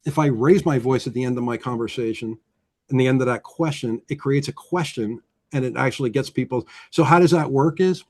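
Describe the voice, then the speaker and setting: A man from New Jersey, a guest loan officer, telling stories with lively acted-out quotes. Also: brisk. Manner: animated, acts out quotes with swinging pitch. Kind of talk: energetic storytelling chat.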